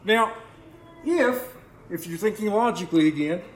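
A man's voice: high-pitched, expressive, moderate pace. A man preaching a sermon, often repeating his words and asking the congregation questions. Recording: echoey room, faint background noise.

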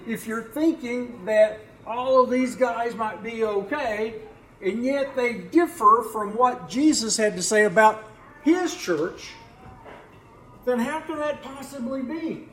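Preaching slowly in a very high-pitched, slightly bright voice, a man repeats his words often and asks the congregation questions. The recording has an echo and faint background noise.

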